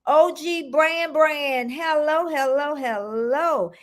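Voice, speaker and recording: A woman in her sixties hosting a casual livestream, greeting viewers by name and chatting warmly with frequent ums. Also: high-pitched, slow. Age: 60s. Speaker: livestream host.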